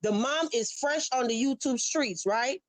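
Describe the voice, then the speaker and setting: Fired-up woman host, high dry voice. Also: measured pace, dry recording, low-quality recording. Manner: fiery, emphatic, talks straight to viewers. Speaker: livestream host. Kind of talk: heated livestream commentary.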